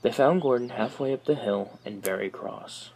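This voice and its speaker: A man's voice: mid-range voice, moderate pace, gravelly, over music, rough recording. Man reading a storybook aloud. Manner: expressive reading. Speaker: narrator.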